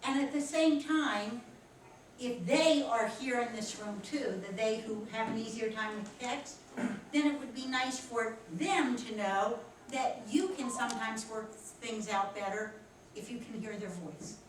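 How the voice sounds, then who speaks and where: A woman with a Philadelphia accent teaching a professional etiquette class, animated and encouraging as she talks with her students. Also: on the high side, a little slow, far from the mic, a little hiss or hum. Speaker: instructor. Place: large echoey classroom. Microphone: distant room mic. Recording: echoey room recorded from afar.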